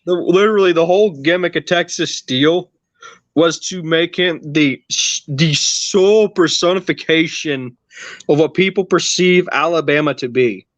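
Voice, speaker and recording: A man's voice: fairly high pitch, moderate pace, fairly bright tone, no echo. A man hosting a podcast, telling a long story in casual chat with a rambling, teasing manner. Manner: rambling, teasing, restarts a lot. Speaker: podcast host.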